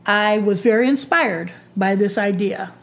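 A woman in her sixties who has just retired from teaching talks at an unhurried pace, letting her phrases stretch out. Her voice sits at an ordinary middle pitch. She sounds reflective and considered. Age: 60s. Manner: slow, thoughtful, drawn-out phrasing. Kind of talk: reflective talk.

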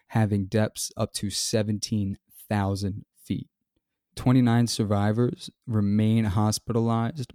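A man hosting a solo podcast, reading news details and then giving his earnest, measured opinion. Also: on the low side, mellow, no echo, studio quality. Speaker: podcast host. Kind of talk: scripted solo commentary.

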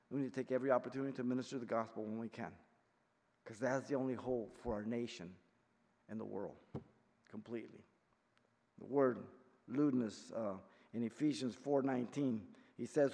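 A man in his sixties teaching a verse-by-verse Bible study as pastor, emphatic, swinging from quiet explanation to loud rebuke. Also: medium pitch. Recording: long reverb of a hall.

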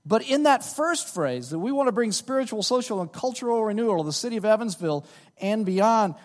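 A man's voice: sits high, lively intonation, brisk, long reverb tail. A man preaching a sermon as pastor, emphatic and checking in with his congregation as he goes. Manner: emphatic preaching with frequent "okay?" check-ins.

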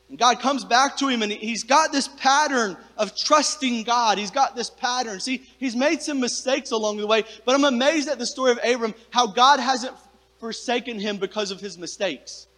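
A man's voice: very high voice, normal speed, fairly bright tone, in a large hall. A male pastor preaching a sermon, talking conversationally and directly to his congregation in a church sanctuary.

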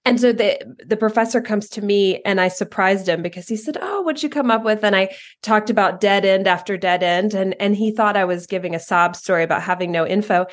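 A woman's voice: medium pitch, steady tone. A woman in her thirties hosting a casual interview, chatting eagerly and affirming her guest. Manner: friendly, quick affirmations and eager anecdotes. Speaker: podcast host.

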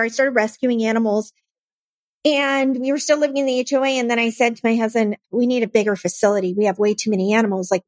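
A woman's voice: on the high side, no room sound. A woman founder telling her personal story in a podcast interview, earnest and emotional. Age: adult, married. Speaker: nonprofit founder and guest.

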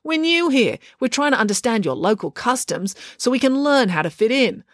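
A woman's voice: fairly high pitch, very animated, normal speed, no room sound, studio quality, voice pushed up. A woman doing a precise, nerdy young boy. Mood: earnest. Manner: precise, formal. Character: earnest, nerdy young boy, overly formal. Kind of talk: audiobook character voice.

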